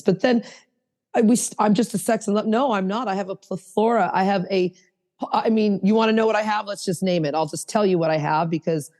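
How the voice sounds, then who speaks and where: A middle-aged woman co-hosting a podcast, talking earnestly and slowing down to stress key phrases as she reads passages aloud from a book. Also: lowish voice, a little mellow. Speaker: podcast co-host. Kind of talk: casual podcast talk reading from a recovery book.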